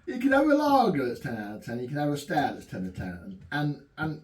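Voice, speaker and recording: A man from England reviews home-brewed beer in his home pub shed, chatting in a relaxed, enthusiastic way. His voice is a little high and a little fast, heard far from the mic in an echoey room.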